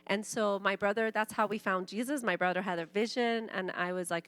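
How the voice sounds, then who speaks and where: A woman in her forties from Iran, whose first language is Farsi, telling her personal testimony to a church in a lively storytelling manner. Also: medium pitch, brisk, hardly any pauses, smooth. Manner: animated storytelling, acting out quoted voices. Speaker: church speaker.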